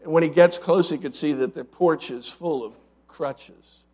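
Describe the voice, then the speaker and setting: A man's voice: a little high, measured pace, slightly rough. Male pastor preaching with rising emphasis. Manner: preaching with rhetorical questions to the congregation; swings between loud emphatic lines and quiet asides. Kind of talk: sermon.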